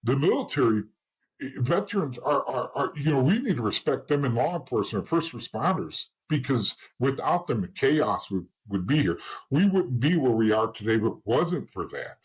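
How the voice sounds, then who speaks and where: A man's voice: medium pitch, big pitch swings, normal speed, husky, poor audio. A middle-aged man telling his life story as an interview guest, blunt and rambling, often restarting and saying "you know.". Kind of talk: candid personal storytelling in an interview.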